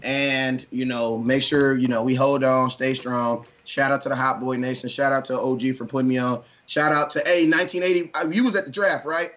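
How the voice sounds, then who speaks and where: A man's voice: medium pitch, fairly even intonation, a little fast, few pauses, a bit bright, highs cut off. A man guesting on a casual show, joking and teasing in slangy talk that repeats itself. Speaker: guest, fan channel host.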